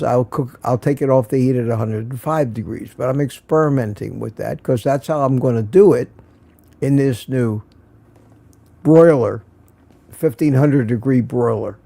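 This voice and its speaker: Warm-voiced rambling morning-show man. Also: mid-range voice, a little slow, vocal fry. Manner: rambling storyteller, chuckles often; reads and answers viewer comments. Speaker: host of a live morning talk stream. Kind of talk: casual live-stream chat.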